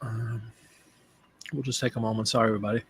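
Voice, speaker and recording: A man's voice: fairly low pitch, flat delivery, quick pace, husky. A man hosting a casual live stream, thinking aloud as he works and chatting with viewers by name. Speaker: live-stream host and online seller.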